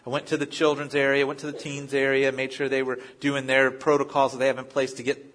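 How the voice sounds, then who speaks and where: A man's voice: mid-range voice, monotone, quick pace, fairly bright tone, a little hiss or hum. A male pastor giving a sermon in a conversational way, telling personal stories and often restarting his phrases. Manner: conversational, story-driven preaching with frequent restarts.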